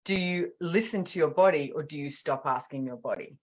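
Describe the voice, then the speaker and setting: A middle-aged podcast host speaks a little fast in a low-pitched voice during a casual chat. She narrates her stories animatedly, dramatizing the quotes.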